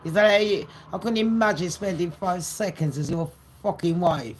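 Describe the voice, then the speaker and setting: A woman's voice: on the low side, normal speed, slight background noise. A woman vlogging gossip in a ranting, sarcastic monologue full of swearing and scorn.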